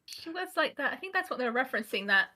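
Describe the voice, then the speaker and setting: Giggly woman co-streamer, slightly high voice, eager storyteller. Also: sing-song, fast talker, bright, forceful tone. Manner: giggly, retells film scenes eagerly. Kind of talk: casual chat.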